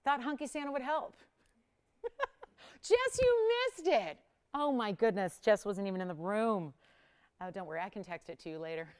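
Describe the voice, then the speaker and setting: A woman's voice: fairly quick, smooth. A woman hosting a live jewelry shopping auction, chatting casually with viewers and crew and laughing often. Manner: chatty, laughs often, lively swings in pitch and volume.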